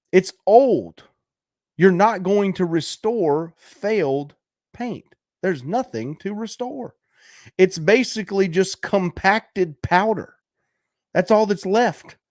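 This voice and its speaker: A man's voice: sits high, darkish tone, no room sound, studio quality. A man hosting a casual livestream, reacting to viewer videos in a brash, coaching way, swearing casually and laughing often.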